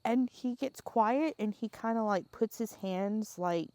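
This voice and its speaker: A young woman telling a story in casual podcast chat, animated and laughing often, swearing freely and acting out the scenes. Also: on the high side, a little slow, no room sound.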